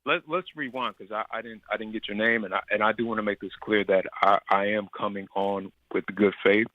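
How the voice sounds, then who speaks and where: A man's voice: lowish voice, steady tone, a little fast, no room sound. A man from Texas calling in to a show, stammering and hesitant as he makes his points. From Texas, United States. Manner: hesitant, stammering, repeats words. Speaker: caller. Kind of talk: call-in debate. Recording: tinny phone line.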